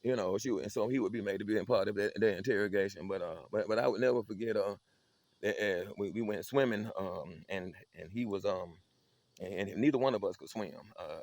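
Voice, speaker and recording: A man spinning a comic family tale. He talks in a lowish voice, stumbling over repeated words and breaking into laughing asides as he goes. Loose and rambling. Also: a little mellow, no room sound. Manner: stammering repetitions, laughing asides. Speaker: storyteller host. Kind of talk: comic personal storytelling.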